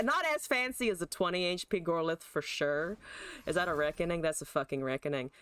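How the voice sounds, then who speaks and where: Streaming a card game live, a woman talks through her plays, laughing often and chatting away while hurling salty, profane, exasperated outbursts at her opponent. Her lowish voice is pushed and bright, at a moderate pace.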